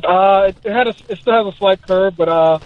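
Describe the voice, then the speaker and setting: A man calls in over a tinny phone line, his voice a bit higher than most men's. He tells his story in an easygoing, laid-back way. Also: fairly quick, no echo. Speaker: caller. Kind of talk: casual phone call.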